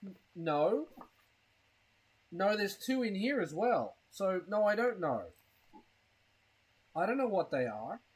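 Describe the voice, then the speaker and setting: A man's voice: high voice, sing-song, slow pace, pauses often, a little mellow, slightly rough, poor audio. A man chatting casually on a live stream, rambling and crude, with a self-mocking tone and a case of hiccups. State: has hiccups.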